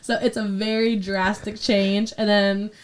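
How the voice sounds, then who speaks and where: A woman's voice: unhurried, a crowd in the background. A young woman, a preschool teacher and fighter, chatting casually on a podcast and acting out voices in her stories. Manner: animated storyteller, acts out kids and herself in a high teacher voice.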